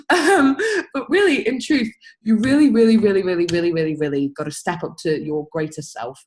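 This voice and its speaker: Girl hyping her team on a video call, blunt, sweary, gets loud and laughs a lot. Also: mid-range voice, big pitch swings, a little fast, low-quality recording. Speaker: team leader. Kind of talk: motivational rant to a team.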